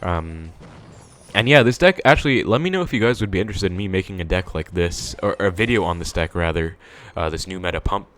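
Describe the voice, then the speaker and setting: A man's voice: sits low, lively intonation, fast talker, a bit bright. A young man giving casual commentary on his own gameplay, thinking aloud with many fillers. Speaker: gaming video creator.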